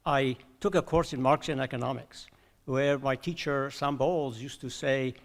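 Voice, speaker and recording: A man's voice: mid-range voice, fairly even intonation, moderate pace. An older man from Iran giving a conference talk, hesitant with many filler sounds and restarts. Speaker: conference discussant.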